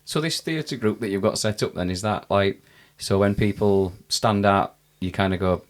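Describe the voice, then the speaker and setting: Deep-voiced South Yorkshire podcast host. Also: male voice, moderate pace. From Barnsley, England. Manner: friendly questioning, with short backchannel replies. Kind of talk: casual interview chat.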